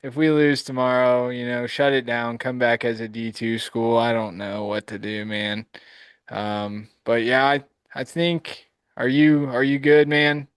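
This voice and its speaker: A man's voice: mid-range voice, steady tone, unhurried, clear, resonant tone, dry recording. A man co-hosting a live sports podcast, laid-back and easygoing, often laughing along with his partner. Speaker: podcast co-host. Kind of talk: live postgame sports chat.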